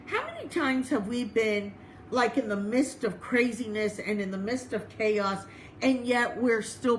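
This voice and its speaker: A woman's voice: fairly high pitch, a little hiss or hum, poor audio. Bubbly, laughing woman chaplain. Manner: bubbly, laughs often, animated impressions; slow, measured recitation of prayers and scripture. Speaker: chaplain and reverend leading a service. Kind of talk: casual, storytelling sermon.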